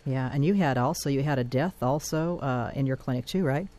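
A man's voice: mid-range voice, a little fast, darkish tone, slight background noise. A man hosting an interview show, asking questions and giving brief affirmations. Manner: supportive, frequent brief affirmations. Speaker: podcast host.

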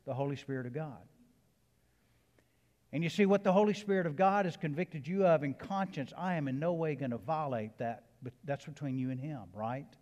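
A Southern-accented man preaching, his voice sitting a little high for a man. He swings between quiet, chatty asides and loud, emphatic peaks. The sound trails off into the long reverb of a church hall. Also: normal speed, lo-fi sound. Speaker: pastor. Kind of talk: sermon. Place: church sanctuary.

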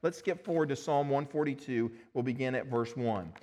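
A man's voice: mid-range voice, normal speed, darkish tone. A man pastor preaching a sermon, telling the story in an earnest, dramatic way with small fillers.

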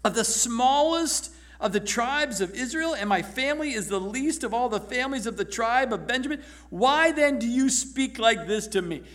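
A man preaching a sermon, reading scripture and retelling it in an animated, laughing way. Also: extremely high pitch, moderate pace, hardly any pauses. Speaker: pastor.

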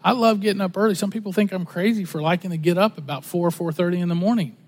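A man's voice: high-pitched, fast talker, in a large hall. A man preaching a sermon as a pastor, in a casual, conversational way, often repeating words and using slang.

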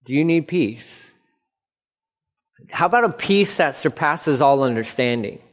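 A man's voice: on the high side, animated, measured pace. A middle-aged man preaching a sermon as pastor, earnest, repeating phrases for emphasis. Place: church sanctuary. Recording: long reverb of a church hall.

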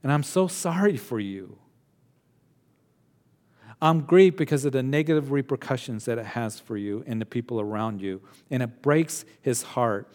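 A man preaching a sermon as pastor, earnest, dropping to hushed tones and then rising to emphatic points. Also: medium pitch, moderate pace, big-room sound.

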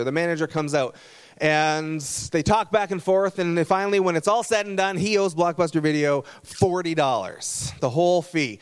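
A man's voice: fairly high pitch, moderate pace, clean tone. A man pastor preaching a sermon, telling stories in an earnest, conversational way. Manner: storytelling, earnest.

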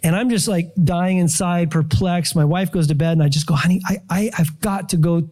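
A middle-aged man preaching a testimony from the pulpit, his voice mellow and relaxed. He tells his story with animated storytelling, acting out his own prayers and surprise. He sits a little higher in pitch than most men. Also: brisk. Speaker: pastor. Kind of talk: sermon testimony.

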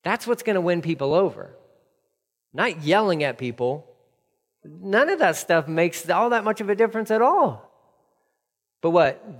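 A man delivers a sermon in a frank, chatty storytelling manner. His voice sits a little higher than most men's. Long reverb of a church hall trails behind each phrase. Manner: candid and conversational, storytelling with asides. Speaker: pastor.

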